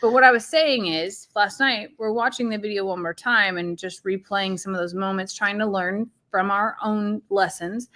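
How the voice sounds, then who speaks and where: A woman's voice: mid-range voice, normal speed, few pauses, fairly bright tone. A woman co-hosting a casual chat and telling stories expressively. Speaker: co-host.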